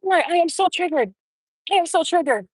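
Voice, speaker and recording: A woman's voice: very high-pitched, animated, brisk, no echo. A woman hosting her own show, giving heated, profane opinion commentary and repeating phrases for emphasis. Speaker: show host.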